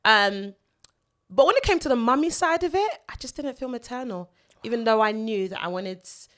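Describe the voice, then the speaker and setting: A woman's voice: fairly high pitch, animated, moderate pace, a bit bright. A woman from Nigeria co-hosting a podcast, chatting in a reflective, heartfelt way and laughing easily. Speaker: podcast co-host. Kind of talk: casual heartfelt chat.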